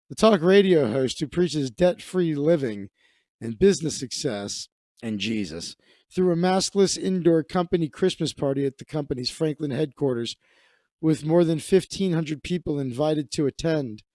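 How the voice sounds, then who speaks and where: A man's voice: on the high side, mellow, no echo. A man hosting a comedic live stream, riffing sarcastically and profanely with frequent restarts. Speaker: host.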